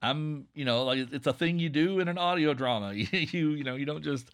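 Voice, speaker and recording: A man in his forties with a Southwest Virginia Appalachian accent, talking casually and wandering from story to story. His voice is slightly nasal with a gravelly edge, and he sounds relaxed and easygoing. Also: on the high side, moderate pace. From Southwest Virginia, USA. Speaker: podcast creator and narrator. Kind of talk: casual conversation.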